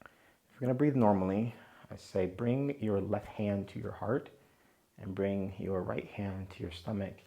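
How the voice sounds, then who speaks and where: A young man guides a yoga routine, calm and easygoing, with playful jokes tossed in. His voice sits low and sounds dark and mellow. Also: unhurried, vocal fry. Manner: playful, joking aside between calm cues. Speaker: vlogger leading a yoga session. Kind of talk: guided yoga instruction, casual vlog chat.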